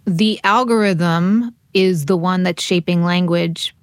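A woman hosting a radio interview, asking measured, conversational questions. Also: lowish voice, no echo, studio quality. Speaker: radio host.

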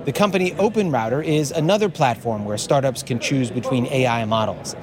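A man delivering a scripted radio news report in a measured, even way. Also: mid-range voice, a crowd in the background.

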